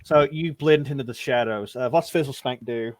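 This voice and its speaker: A man's voice: mid-range voice, moderate pace, no room sound. A man narrating a tabletop game as game master, often stumbling and repeating words.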